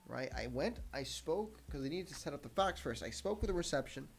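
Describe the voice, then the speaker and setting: A man's voice: mid-range voice, brisk, gravelly, few pauses, a little hiss or hum. Profane ranting young man. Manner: heated, profane storytelling. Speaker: podcast host. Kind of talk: solo podcast rant.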